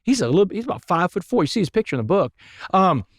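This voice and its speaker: A man, a podcast guest telling his story in an animated, emphatic way. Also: sits high, racing, dry recording, clean studio sound. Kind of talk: storytelling interview.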